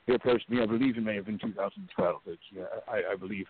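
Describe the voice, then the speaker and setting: A man being interviewed as a guest, telling stories in an earnest, measured way over the phone. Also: lowish voice, slightly rough. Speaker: guest wrestler and coach. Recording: tinny phone line with hiss.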